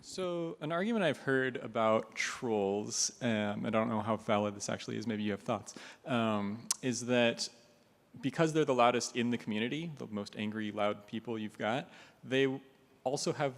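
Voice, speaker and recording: A man's voice: mid-range voice, normal speed. A man in the audience asking a hesitant, hedging question. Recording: reverb of a large hall.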